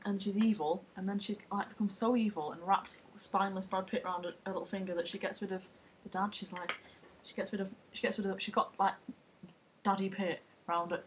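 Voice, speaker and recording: A woman's voice: medium pitch, steady tone, fairly quick, slight background noise. A young woman, chatting casually and retelling a film plot in a rambling, sweary, giggly way. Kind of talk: casual comedic chat.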